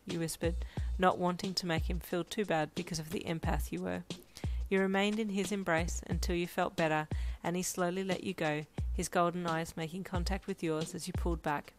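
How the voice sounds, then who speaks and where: A woman reading a fanfiction story aloud in a soft, expressive narration. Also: fairly low pitch, moderate pace, faint music behind. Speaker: fanfiction reader.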